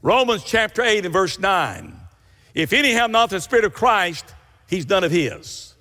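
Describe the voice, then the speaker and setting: A man's voice: high-pitched, very animated, moderate pace, sharp tone, big-room sound. A man preaching a sermon, telling folksy stories with rising emphatic bursts.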